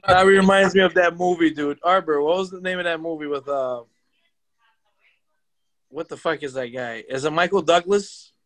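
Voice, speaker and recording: A man co-hosting a casual podcast chat, excitable and slangy, swearing freely. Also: fairly high pitch, moderate pace. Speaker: podcast co-host.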